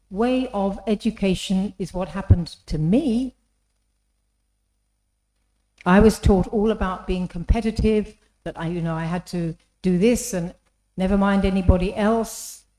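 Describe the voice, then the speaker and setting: A woman's voice: mid-range voice, normal speed, mellow. A woman giving an inspirational talk in an engaging storytelling manner, often asking the audience questions. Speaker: speaker. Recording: echoey hall.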